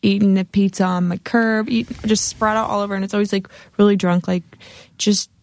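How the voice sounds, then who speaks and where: A woman telling a casual story in conversation, with many "like" fillers and lively quoting of others. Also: medium pitch, brisk. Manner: storytelling, heavy use of "like", animated quoting. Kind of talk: casual chat.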